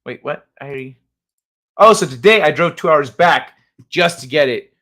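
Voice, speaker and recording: A man's voice: on the high side, lively intonation, moderate pace, bright, forceful tone. A man hosting a livestream, chatting casually and reading viewers' messages aloud with loose, profane asides that trail off into mumbles. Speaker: livestream host.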